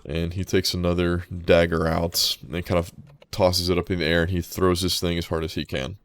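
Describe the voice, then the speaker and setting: A man's voice: low voice, flat delivery, normal speed, slight background noise. A man narrating as game master in a tabletop game, rambling and descriptive. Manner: rambling, descriptive, many restarts.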